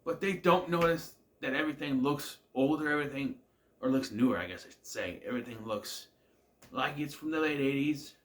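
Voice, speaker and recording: A man's voice: mid-range voice, fairly quick, fairly bright tone. A man giving a casual, rambling recap of a TV episode, with many fillers and restarts. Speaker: show reviewer.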